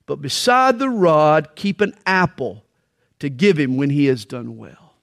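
A middle-aged man preaching a sermon on parenting, telling stories with dramatic pauses and slow, weighty emphasis. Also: a little high, creaky. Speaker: pastor.

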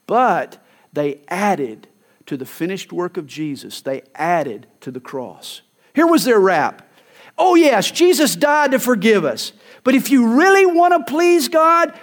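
A male pastor preaching a sermon, emphatic, telling stories and acting out quoted lines. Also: high voice. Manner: emphatic, storytelling with acted quotes.

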